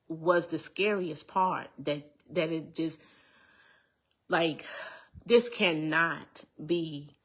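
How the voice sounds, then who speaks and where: A woman with a slightly low voice tells her personal testimony. She speaks earnestly and turns to address her listeners directly. She comes back to the same phrases again and again as she tells it.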